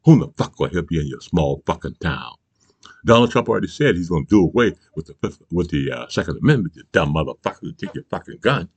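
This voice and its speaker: A man hosting his own channel, delivering a profane, angry political rant, bursting into shouts and asking "you understand?" again and again. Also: low voice, sing-song, quick pace, no room sound. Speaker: channel host.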